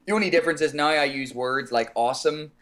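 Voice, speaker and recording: A man's voice: on the high side, fast, slight background noise. An Irish man, a singer calling in as a guest, chatting casually with frequent laughs and fillers. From Ireland. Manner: relaxed, laughs often, many fillers. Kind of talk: casual interview chat. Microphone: phone call.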